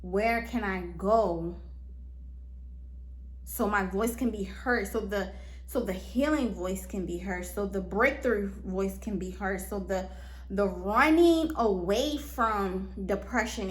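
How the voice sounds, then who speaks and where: A woman's voice: mid-range voice, a little slow, roomy sound. A woman hosting a solo podcast, talking earnestly and with emphasis, repeating phrases and often checking that the listener understands. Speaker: podcast host. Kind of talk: motivational solo podcast talk.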